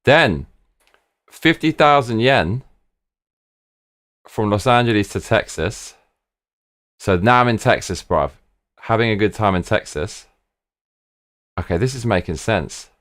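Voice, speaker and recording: On a casual live stream, a man with a lowish voice chats with viewers about planning a trip, speaking at normal speed with long pauses. He's excitable and thinks aloud, repeatedly saying "look" and "bruv."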